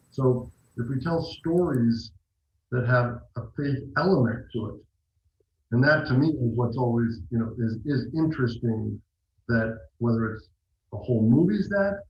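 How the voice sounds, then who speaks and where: A man's voice: mid-range voice, echoey room, highs cut off, a little hiss or hum. A man being interviewed as an actor guest, talking reflectively and telling stories with restarts. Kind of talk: casual interview talk.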